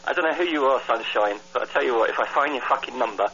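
A man answering a prank call, gruff and threatening, heard over a muffled telephone line. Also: medium pitch, racing, bright, forceful tone. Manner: gruff, threatening, then mocking. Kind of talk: phone call.

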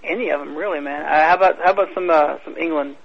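A man's voice: a little high, fast, gravelly, dull audio. A man co-hosting a radio show as a joking, wisecracking sidekick. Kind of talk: casual radio banter.

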